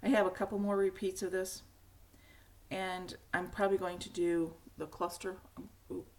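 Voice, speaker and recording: A middle-aged woman with a hoarse, cracky voice, hosting a knitting podcast in a rambling, casual chat with frequent laughs. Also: on the low side, level tone, moderate pace, darkish tone. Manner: chatty, rambling, laughs often. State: hoarse, frog in throat.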